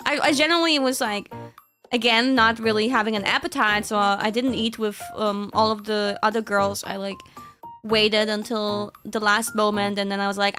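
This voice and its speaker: Bright-voiced giggly woman streamer. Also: mid-range voice, steady tone, normal speed, soft background music. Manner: chatty, giggly, rambling with fillers. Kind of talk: casual chat.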